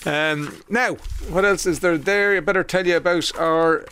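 A man's voice: a little high, normal speed, pushed and bright, clean tone. An Irish man presenting a radio show, chatting casually through anecdotes with frequent fillers and restarts.

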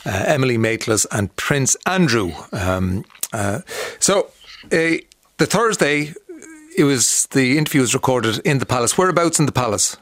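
A man's voice: mid-range voice, expressive, normal speed, a bit bright, dry recording. A man hosting a radio interview, asking questions in a conversational way with fillers. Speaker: radio host.

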